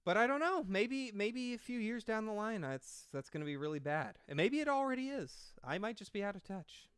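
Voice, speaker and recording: A man's voice: high-pitched, sing-song, moderate pace, smooth, no echo, clean studio sound. A man doing casual reaction commentary, rambling and sarcastic with lots of swearing.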